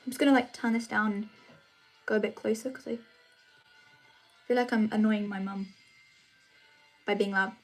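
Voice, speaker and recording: A woman's voice: mid-range voice, fairly even intonation, normal speed, long pauses, soft background music. A teenage girl from England chatting casually on a livestream as she reads and answers comments, often restarting her sentences. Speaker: livestream host. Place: home room.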